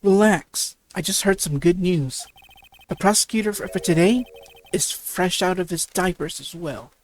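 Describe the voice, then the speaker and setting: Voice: medium pitch, moderate pace, lightly acted. A reader doing a smug teasing male lawyer. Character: cocky, teasing male senior attorney. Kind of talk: reading game dialogue aloud.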